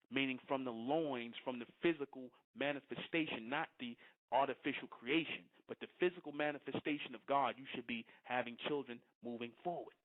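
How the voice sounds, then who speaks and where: A man's voice: medium pitch, normal speed. A man preaching to followers, repeating his points and often asking whether listeners understand. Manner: repetitive, keeps asking "you understand?". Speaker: spiritual teacher. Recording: thin phone-like lo-fi audio.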